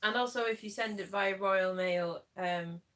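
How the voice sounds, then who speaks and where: A woman's voice: medium pitch, measured pace, a bit bright. A Welsh woman co-hosting a casual live stream, talking in a laid-back, rambling way with lots of fillers. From Wales.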